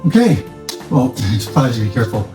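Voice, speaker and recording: A man's voice: mid-range voice, very animated, brisk, dark tone. A man hosting a casual workshop vlog about building models from scrap, chatty, rambling and self-amused. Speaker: toy-scrap model builder, channel host. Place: home workshop at a workbench. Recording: echoey room with faint music.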